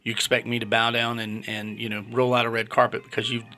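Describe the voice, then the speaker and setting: A man's voice: medium pitch, level tone, fast, sharp tone. A man in his fifties giving a blunt, opinionated casual monologue as a vlogger. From United States. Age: 50s.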